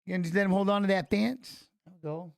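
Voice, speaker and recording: A man with a fairly high voice hosts a fight watch-along. He mixes casual call-outs of the action with blunt, profane stories from his own life. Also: fairly even intonation, quick pace, creaky. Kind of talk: casual live fight commentary and storytelling.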